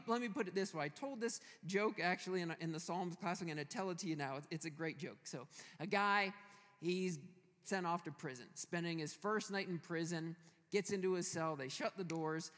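A man with a fairly high voice preaches a sermon, playful and emphatic as he tells a story. His voice carries a long reverb from the church hall around him. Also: fairly bright tone. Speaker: pastor.

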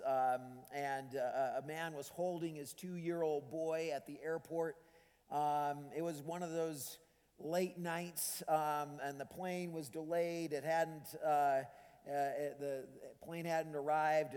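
A man's voice: on the high side, darkish tone. Man, pastor preaching, conversational, ums and restarts, long church-hall reverb. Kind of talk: sermon.

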